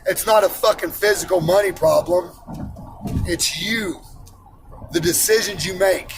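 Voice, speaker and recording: A blunt, profane man in his forties rants in a high, gravelly voice. He preaches hard about responsibility, and faint vehicle noise hums behind him. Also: a little slow. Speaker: iron worker ranting on camera. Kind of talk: profane personal rant.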